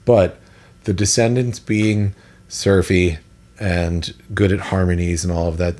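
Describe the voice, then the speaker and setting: Deep-voiced opinionated man chatting. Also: steady tone, a little slow, a little mellow. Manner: opinionated, rambling with restarts. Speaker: podcast co-host. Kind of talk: casual chat.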